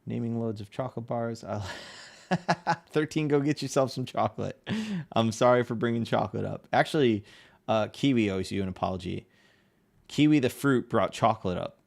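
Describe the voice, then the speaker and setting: This livestreaming artist from Connecticut talks casually with his audience while he draws, his low-leaning voice carrying vocal fry and a Northeastern American accent. He's chatty, reads the chat aloud, and laughs a lot.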